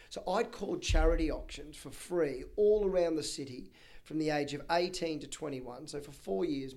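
Chatty Australian man, fairly high voice. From Brisbane, Australia. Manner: energetic, chatty storyteller. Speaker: auctioneer guest. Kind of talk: podcast interview.

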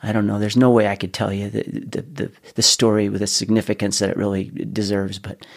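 Gravelly middle-aged man telling a story. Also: fairly low pitch, a little fast. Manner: animated storyteller who restarts and repeats words often. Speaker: guest. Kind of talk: casual storytelling interview.

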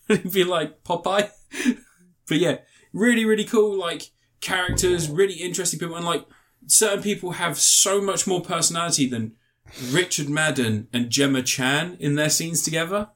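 A man's voice: a little high, normal speed, a bit bright. Rambling, sweary man. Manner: rambling, swears freely, mocking impressions. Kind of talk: casual film chat.

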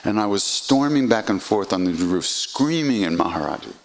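A deep, gravelly older man tells a story from his own life. His voice swoops all over the place, jumping up to act out other people and dropping low. He is candid and a little profane. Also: moderate pace. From United States. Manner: animated, acts out voices, laughs, swears freely. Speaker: podcast host. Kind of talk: personal storytelling.

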